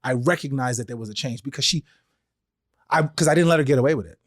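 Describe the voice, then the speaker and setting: A man's voice: medium pitch, fast talker, dry recording, clean studio sound. A man hosting a podcast, talking through his thoughts in a conversational way and acting out little exchanges as he tells them. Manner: conversational, acts out quoted exchanges in changing voices. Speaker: podcast host. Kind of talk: solo podcast monologue.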